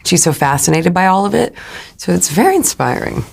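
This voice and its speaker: Actress guest, low voice, loose chatty laughter. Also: female voice, very animated, creaky. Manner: laughs often, halting restarts. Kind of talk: casual interview chat.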